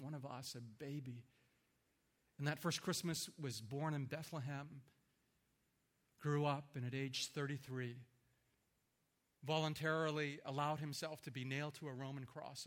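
A man delivers a sermon in an earnest, reflective voice of middle pitch. He builds in force as he speaks, then eases back to a softer tone. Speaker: preacher.

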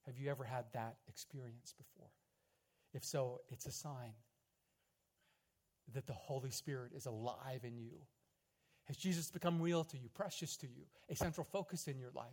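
A man preaching a sermon, telling a story dramatically, swelling loud and then dropping quiet. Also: medium pitch, moderate pace. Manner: dramatic storytelling, rising loud in quoted prayers and dropping soft. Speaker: pastor.

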